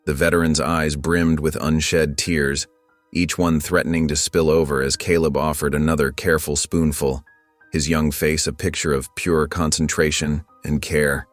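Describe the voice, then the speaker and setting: A man narrating a scripted story in a solemn, even manner. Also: very deep voice, normal speed, no room sound, faint music behind.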